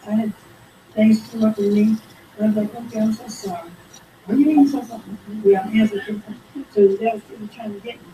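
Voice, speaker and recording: A woman leading a Bible study, animated and calling for amens as she reads scripture. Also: on the high side, a little hiss or hum. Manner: animated, calls for amen, reads scripture aloud. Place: church room. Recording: roomy, distant mic, faint background.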